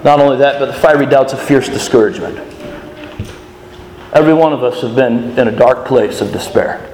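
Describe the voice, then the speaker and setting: A man preaching a sermon to children, animated and often asking them questions. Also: medium pitch, brisk. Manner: animated, questioning the audience, restarts. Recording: echoey hall with faint noise.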